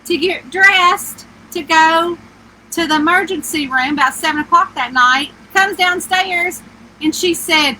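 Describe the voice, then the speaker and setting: A middle-aged woman with a high, squeaky, twangy voice, talking casually into her phone from a little camper. Her tone is sharp and bright, and she sits well up in the higher range. She chats loosely and greets each viewer by name. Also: a little slow, a little hiss or hum, poor audio. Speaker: author hosting a livestream. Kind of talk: casual live-stream chat. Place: inside a small camper with the air conditioner running.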